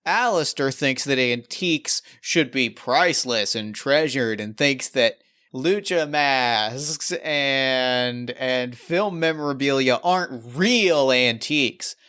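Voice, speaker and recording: A cocky punk-rock antique dealer, played by a man, pitches drama for the cameras with eager showmanship. His voice is smooth and resonant. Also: fairly quick, hardly any pauses, natural voice. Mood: scheming. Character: brash punk-rock male antique shop owner.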